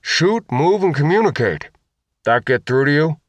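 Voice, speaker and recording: A man's voice: mid-range voice, big pitch swings, slow pace, breathy edge, no echo, dull audio, exaggerated voice. A man voicing a sarcastic, combative teenage girl in an audiobook. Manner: loud, sarcastic.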